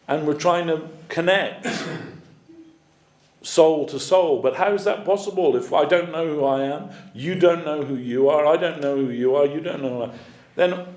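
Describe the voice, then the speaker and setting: A man's voice: fairly high pitch, darkish tone. Roomy-sounding male spiritual teacher. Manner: conversational, many fillers. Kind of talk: storytelling sermon. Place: temple hall.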